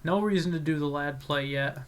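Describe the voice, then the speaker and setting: A young man casually commentating his own card game match, excitable and self-critical, with frequent restarts. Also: a little high, a little fast, clear, resonant tone.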